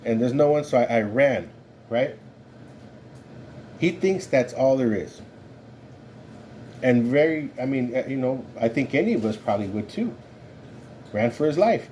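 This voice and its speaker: A man's voice: medium pitch, moderate pace, long pauses, mellow, a little hiss or hum. A man leading an informal Bible study, talking it through conversationally and often checking in with "right?". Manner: conversational, keeps asking "right?". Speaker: Bible teacher.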